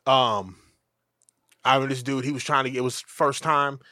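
A young man co-hosts a casual podcast, swearing freely and acting out every voice in his story. His pitch is mid-range and his delivery is animated. The sound is dry and close to the mic. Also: normal speed, no echo. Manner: animated, profane, acts out dialogue. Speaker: podcast co-host.

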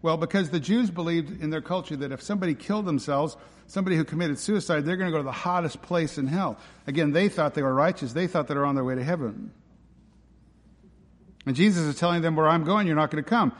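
A male pastor preaches with emphatic force, stacking rhetorical questions and repeated lines. His voice sits a little high for a man. It rings out with the long reverb of a large church hall. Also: quick pace. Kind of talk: sermon.

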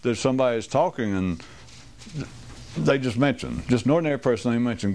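Man giving a rambling, animated talk. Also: medium pitch, fairly quick, pauses often. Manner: rambling and wry, with quoted asides and chuckles; digressive, restarting sentences. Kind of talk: informal talk to a small group.

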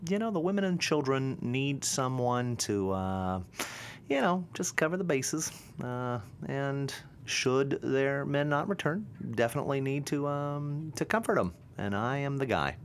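A man's voice: mid-range voice, slight background noise, pitched above the performer's own voice. A man voicing a sly, cowardly caveman who makes smug excuses to stay out of the fight, in a raised voice.

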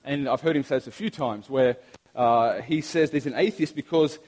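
In a large hall with lingering reverb, a thirtysomething pastor gives a sermon and prayer. He speaks at a normal speed with a medium-pitched, slightly mellow voice, telling stories conversationally and frequently starting over.

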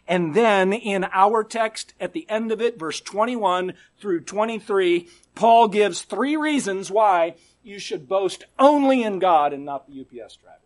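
A man preaching a sermon, emphatic and dramatic, dropping to a hush for key words and asking the congregation rhetorical questions. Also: sits high, expressive, measured pace, few pauses.

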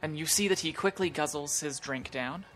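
Game master, low-pitched woman, rambling scene narration over soft music. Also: moderate pace. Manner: loose, rambling narration with fillers.

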